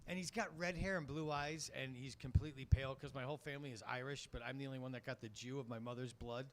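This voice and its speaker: A man's voice: medium pitch, fairly even intonation, fast talker. A middle-aged man hosting a comedy show, telling loose, profane stories in a stand-up set. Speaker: comedy host.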